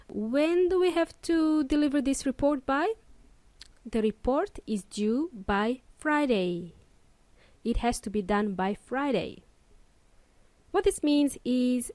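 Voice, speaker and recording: A woman who teaches English hosts a casual lesson podcast, playful and upbeat, cracking jokes between explanations. Her voice is high, with no echo.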